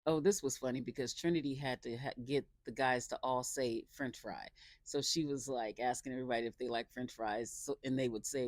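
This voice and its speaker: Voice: mid-range voice, fairly even intonation, a little fast, no room sound. Chatty, opinionated recapper with a dry sound. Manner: chatty, opinionated, sarcastic asides; loose delivery with many fillers and restarts. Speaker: reality show reviewer. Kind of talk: casual episode recap.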